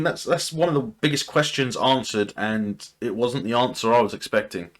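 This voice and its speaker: A man's voice: mid-range voice, a bit bright. A man hosting a TV reaction video, casually thinking aloud and speculating, often restarting his sentences.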